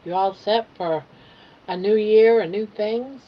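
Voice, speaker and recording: A woman's voice: mid-range voice, measured pace. An older woman hosting a casual home livestream, chatting to viewers and cooing to her pet in between. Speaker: livestream host. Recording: dull lo-fi home stream audio with faint hiss.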